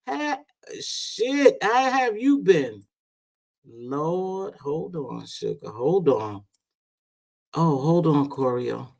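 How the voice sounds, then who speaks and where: A woman's voice: deep voice, sing-song, extremely slow, gravelly, a little mellow. A middle-aged woman hosting a casual live stream chat, talking loosely, swearing now and then and calling people sweetheart and baby. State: unwell after medication. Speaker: livestream host.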